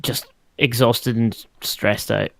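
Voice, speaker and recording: A man's voice: mid-range voice, fairly even intonation, slow, creaky, dry recording. Tentative man talking through his play. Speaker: player. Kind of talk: casual chat at a tabletop game.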